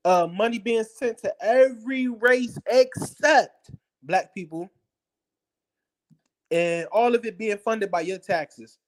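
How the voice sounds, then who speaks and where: A political commentator delivers a heated rant straight to the viewer at a middling pitch. The monologue is combative, blunt and profane, repeating its points for emphasis.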